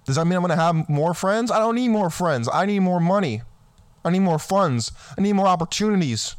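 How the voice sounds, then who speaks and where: A man's voice: high-pitched, expressive, fairly quick, no echo. A man from the United States giving a blunt, scornful motivational rant as a vlogger, often saying "my friends".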